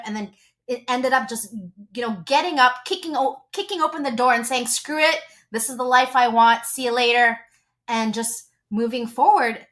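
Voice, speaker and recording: Lively gushing woman relationship coach. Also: high voice. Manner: gushing, animated storyteller. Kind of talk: podcast interview guest.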